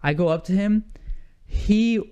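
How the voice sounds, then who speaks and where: A man telling a rambling story in casual chat, animated and full of asides and restarts, swearing freely. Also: high-pitched, measured pace, clean tone, muffled recording.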